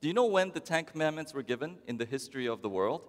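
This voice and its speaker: A man preaching a sermon as pastor, talking to the congregation in a wry, conversational way with long pauses. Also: fairly high pitch, expressive. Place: church. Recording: long church reverb.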